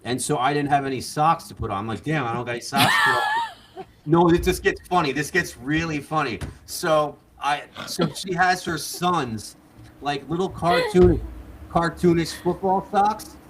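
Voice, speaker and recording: A man's voice: on the high side, unhurried, background noise. A man guest on a live show telling a long story in a casual, rambling way, with many fillers and laughs, talking through a mask. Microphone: wearing a mask.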